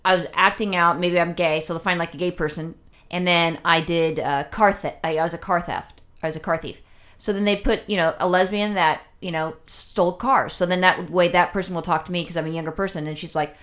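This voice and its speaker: A woman's voice: fairly low pitch, steady tone, fairly quick, fairly bright tone. A woman co-hosting a casual chat, telling a rambling story with crude language and lots of swearing. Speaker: podcast co-host.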